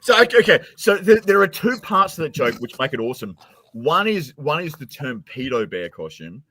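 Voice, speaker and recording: A man's voice: fairly high pitch, sing-song, brisk, background noise. A man hosting a beer review livestream, talking in rambling restarts and teasing his guests. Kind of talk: casual chat on a livestream. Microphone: remote stream call.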